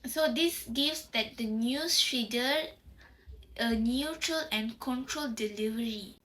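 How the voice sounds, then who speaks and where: A woman's voice: on the high side, slow pace, fairly bright tone, low-quality recording. A young woman gives a class presentation, explaining step by step and sometimes searching for words. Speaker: university student presenter.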